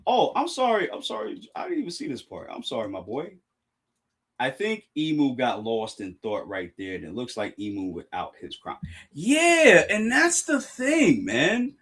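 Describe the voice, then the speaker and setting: A young man live-streaming a reaction, talking excitedly, stumbling over words and thanking his chat. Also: medium pitch, normal speed, husky. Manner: excitable, restarts and apologizes, addresses chat. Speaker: streamer reacting to a manga chapter.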